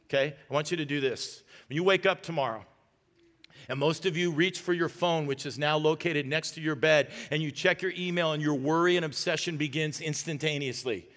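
A male pastor delivers a sermon in an earnest, pleading way, sinking to a hush for prayer. His voice sits a little high and rings bright. It carries the long reverb of a large hall over faint music. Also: fairly quick. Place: church auditorium.

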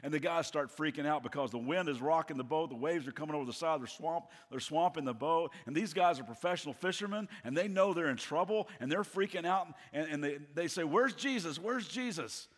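A middle-aged man preaching a sermon as a guest pastor, telling stories in an animated way with playful asides. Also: on the high side, quick pace, hardly any pauses. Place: church auditorium. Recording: long reverb of a large hall.

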